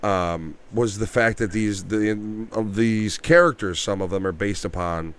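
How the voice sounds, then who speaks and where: A man co-hosts a casual movie review podcast, speaking unhurriedly in a lowish voice with a clean tone. He's animated, swears freely, and acts out scenes and quotes.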